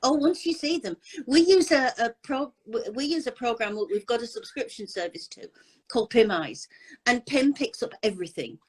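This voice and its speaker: A woman's voice: a little high, animated, moderate pace, husky, rough recording. An older woman talking casually and bluntly about scammers on a live chat. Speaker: anti-scam advocate.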